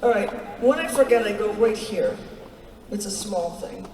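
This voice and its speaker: A woman's voice: mid-range voice, animated, normal speed, a little mellow, a little hiss or hum. A woman on stage telling a long story between songs, chatty and wry, full of asides. She is heard from far off in a large arena. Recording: distant audience recording in an echoing arena. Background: crowd ambience.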